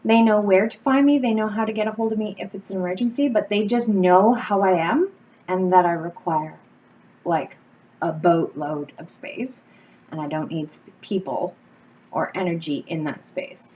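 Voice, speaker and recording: Here the same kind of home video has a mid-range voice at a moderate pace: a woman who blogs and makes YouTube videos about wax melts, chatting openly to camera. She tells animated stories full of laughs and casual swearing, and the recording sounds slightly dull with faint noise behind it.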